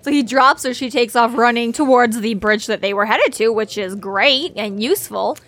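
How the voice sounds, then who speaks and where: A woman joining a casual book discussion, chiming in with quick remarks and laughter. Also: a little high, fairly bright tone. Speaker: podcast co-host. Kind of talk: casual chat about a book.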